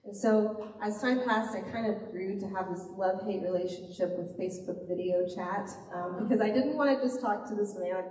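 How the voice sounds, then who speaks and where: A young woman pastor preaches with earnest, heartfelt repetition, her voice mellow and warm. She is picked up from across a large, echoey church hall with a long reverb tail and a faint room hum underneath. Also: mid-range voice, moderate pace, hardly any pauses, recorded from a distance. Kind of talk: sermon. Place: church sanctuary.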